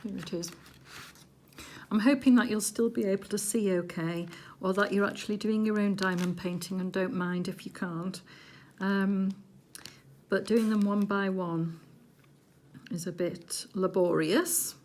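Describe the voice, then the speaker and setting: A woman chatting casually while she does a craft project at home, rambling along with little hushed asides. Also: mid-range voice, steady tone, measured pace. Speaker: crafting vlogger. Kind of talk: casual chat while diamond painting.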